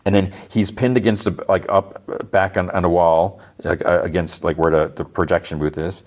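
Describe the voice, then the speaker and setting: A man's voice: sits low, steady tone, normal speed. A podcast host, a man, casually recapping a TV episode in a rambling way, full of "like" and restarts.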